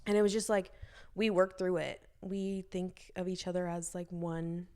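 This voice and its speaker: A woman's voice: lowish voice, level tone, moderate pace, a little mellow, clean tone. A woman in her early twenties, a podcast guest telling stories casually, chatty and full of fillers, acting out quoted dialogue. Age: early 20s. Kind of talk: casual storytelling.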